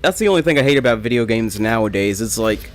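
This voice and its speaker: A man's voice: medium pitch, lively intonation, fast, slight background noise. A young man rambling and joking through casual gameplay commentary, often correcting himself mid-sentence. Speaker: let's play gamer.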